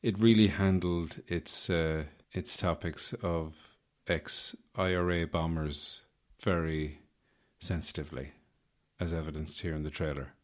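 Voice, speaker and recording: A man hosting a podcast, his voice slightly rough, rambling through an improvised comic monologue with self-mocking asides. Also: deep voice, fairly even intonation, unhurried. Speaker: podcast host.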